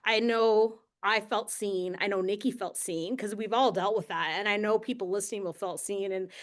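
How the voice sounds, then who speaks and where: A woman guest-hosting a podcast, telling a personal story in a chatty, animated way with lots of quoted asides. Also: medium pitch, normal speed. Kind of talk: casual conversational storytelling.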